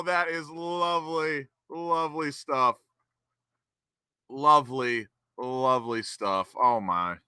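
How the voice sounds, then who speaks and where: A young man hosting a live football watch-along, cheering as an excitable fan. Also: fairly high pitch, takes it slowly, clear, resonant tone, no echo.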